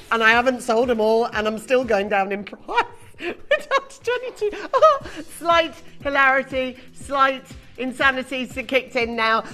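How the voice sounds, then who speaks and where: British shopping-channel host, bright higher voice, excitable and self-mocking, faint music behind. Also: female voice. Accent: British English. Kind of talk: live TV selling. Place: TV studio.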